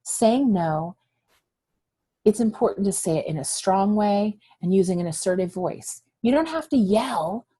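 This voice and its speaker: A woman's voice: medium pitch, expressive, a little slow, dark tone, husky. A woman health educator giving a friendly, encouraging lesson straight to young viewers. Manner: encouraging, direct address to kids.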